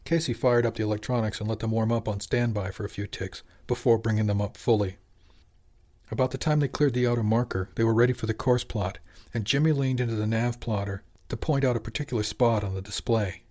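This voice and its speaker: A man narrating a serialized audiobook in a steady, even storytelling manner. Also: fairly low pitch, brisk. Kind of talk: scripted narration.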